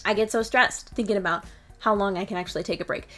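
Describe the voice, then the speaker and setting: A woman's voice: mid-range voice, fast talker, soft background music. A woman in her twenties giving casual motivational advice to fellow students, candid and self-mocking with some swearing. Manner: playfully acts out her own excited lines. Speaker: student vlogger. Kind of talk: casual motivational vlog talk.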